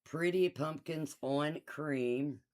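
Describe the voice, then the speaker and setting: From her quilt shop, a deep-voiced middle-aged woman hosts a relaxed, unhurried live-stream sale. She chats warmly with viewers and laughs easily, reading out item numbers as she shows off the fabric.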